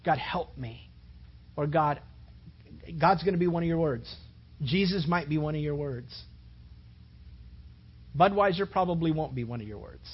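Brief: male pastor, sermon, husky, fairly high, muffled recording. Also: normal speed, long pauses. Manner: conversational, repeats words, builds to emphatic.

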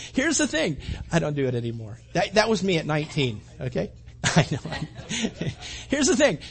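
A man preaching a conversational sermon, animated and full of restarts and acted-out asides. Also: on the high side. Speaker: pastor.

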